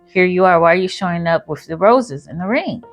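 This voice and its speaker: A woman's voice: fairly low pitch, expressive, fairly quick, dull audio, faint music behind, natural voice. Brief: a woman playing a no-nonsense young woman, firm and dismissive, everyday voice. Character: blunt, unimpressed young woman.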